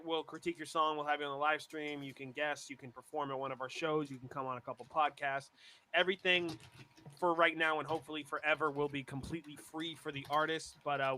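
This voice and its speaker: A man's voice: on the high side, slight background noise. A man from Roxbury, Massachusetts, talking casually as a podcast guest, rambling with lots of fillers. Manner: rambling, filler-heavy, excited. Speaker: guest rapper.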